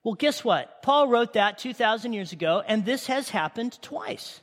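A man's voice: very high-pitched, expressive, moderate pace, a bit bright. A male pastor giving an emphatic, conversational sermon, often asking the congregation questions. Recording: reverberant hall sound.

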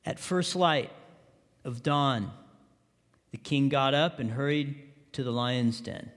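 A man's voice: mid-range voice, slow, a bit bright. A male pastor preaching a sermon, often asking the congregation questions. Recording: long reverb of a large hall.

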